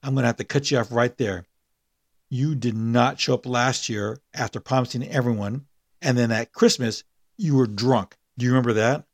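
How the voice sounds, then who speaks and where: A man's voice: medium pitch, normal speed, dry recording, lightly acted. A man reading aloud the lines of a bossy older sister who scolds her brother. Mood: stern. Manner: insistent, clipped, talks over others. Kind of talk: read-aloud story dialogue.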